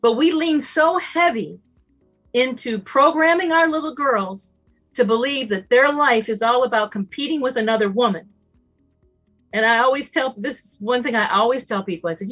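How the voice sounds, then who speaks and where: A woman giving a motivational talk as a summit guest, emphatic and animated, acting out bits of dialogue. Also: on the high side, moderate pace, soft background music. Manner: emphatic and animated, acts out dialogue in shifting voices.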